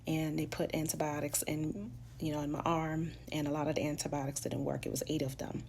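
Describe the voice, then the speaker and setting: Vlogger, female, New York accent, low gravelly voice, frank and profane storytelling, faint room hum. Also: flat delivery, fairly quick, darkish tone. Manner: candid and profane, acts out quoted people in a high voice. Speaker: vlogger sharing her life story. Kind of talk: casual storytelling monologue.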